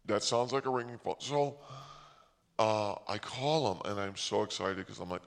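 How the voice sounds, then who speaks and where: Gravelly man telling a rambling comic story. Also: on the low side. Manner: rambling, self-mocking, deliberately naive. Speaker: comedic storyteller and channel host.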